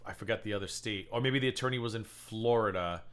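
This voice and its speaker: A man's voice: fairly low pitch, fast, fairly bright tone. A man co-hosting a live stream, giving heated, profane drama commentary. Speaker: stream co-host.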